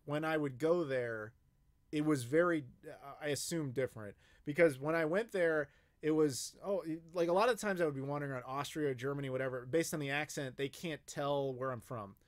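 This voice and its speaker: Man, American accent, casual live Q&A, rambling, profane, fairly high voice. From United States. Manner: rambling, profane, with frequent fillers and restarts. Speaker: YouTube host answering live chat questions.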